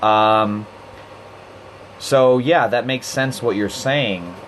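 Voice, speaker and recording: A man's voice: medium pitch, extremely slow, a little hiss or hum. A man hosting a casual livestream, talking in a profane, opinionated and rambling way into a handheld phone. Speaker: livestream host. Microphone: phone held in hand.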